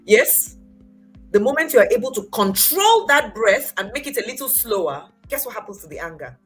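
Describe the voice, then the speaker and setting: A woman in her forties hosting a motivational talk, engaging her audience with questions she answers herself, swinging between loud emphatic bursts and soft near-whispers. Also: fairly high pitch, husky, rough recording. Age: 40s. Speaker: host.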